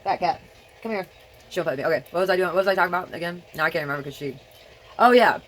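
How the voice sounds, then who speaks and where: A woman's voice: fairly low pitch, rapid-fire, slight background noise, rough recording. A woman with a childlike way of speaking, talking at home in a rambling casual vlog monologue that jumps between topics. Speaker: vlogger.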